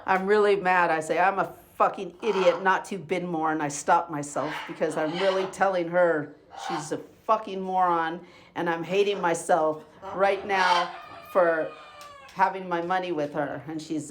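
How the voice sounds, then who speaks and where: A middle-aged woman vlogger vents angrily in a personal video diary, ranting with profanity and sarcasm. Her voice is on the low side, with fairly even intonation and a moderate pace. Faint background noise and clicks can be heard.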